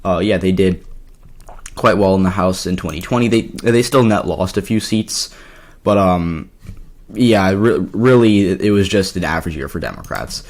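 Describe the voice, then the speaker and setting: A man with a slightly hoarse voice, talking casually through an election map with lots of fillers and restarts. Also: low-pitched, moderate pace. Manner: rambling, filler-heavy, self-correcting. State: slightly hoarse from yelling at a party. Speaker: political commentary YouTuber. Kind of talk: casual explainer commentary.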